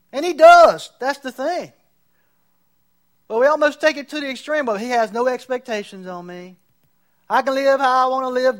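A man's voice: very high-pitched, normal speed. A man preaching as a pastor, building his points and acting out the voices of people he disagrees with. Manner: preaching, mocking quotes of others. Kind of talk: sermon.

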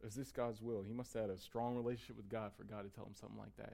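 A man preaching a sermon in a conversational way. He builds to emphatic peaks and then drops to a quiet, close tone. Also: fairly low pitch, level tone, very fast, gravelly. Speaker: pastor.

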